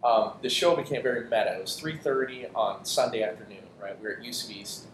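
A man who performs improv comedy, telling stories in a casual interview with quick jokes and many restarts. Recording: echoey room with faint rumble.

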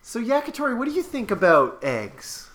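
A woman co-hosting a comedic podcast, teasing her co-hosts with wry, quick asides. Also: a little high, wildly swooping pitch.

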